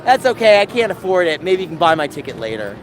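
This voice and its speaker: A man livestreaming from outdoors, talking to chat in an animated, mocking, sarcastic way. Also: on the high side, quick pace, some chatter behind. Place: outdoors in a busy public area. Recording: outdoor street noise with passing vehicles.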